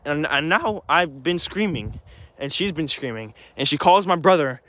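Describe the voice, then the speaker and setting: A man's voice: on the high side, lively intonation, moderate pace, fairly bright tone. A young man telling a personal story in an agitated, rambling way, full of restarts and swearing. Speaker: vlogger.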